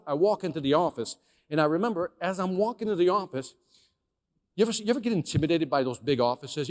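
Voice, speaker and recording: Man from Chicago, motivational sales speaker, fairly high voice; dramatic keynote storytelling, hushed to loud, lots of reverb from a large hall. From Chicago, USA. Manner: animated, swings between hushed and loud, addresses the audience directly.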